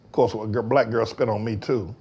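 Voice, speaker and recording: A man hosting a talk show, delivering a fiery, mocking monologue in slangy speech that breaks into shouting. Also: lowish voice, steady tone, a little fast, husky. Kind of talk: heated monologue.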